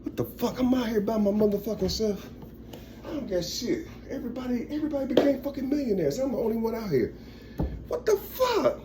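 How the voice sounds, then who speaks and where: A man's voice: extremely high pitch, sing-song, brisk, noisy background, voice pushed up. A man voicing a bewildered man left on his own, muttering and swearing in dismay. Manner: muttering, profane.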